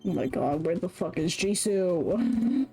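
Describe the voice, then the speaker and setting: A woman's voice: lowish voice, expressive, slow pace, warm tone, faint music behind. A young adult woman streamer casually commenting while she plays a video game, chatty and irreverent, often laughing and swearing. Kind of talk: casual let's-play commentary.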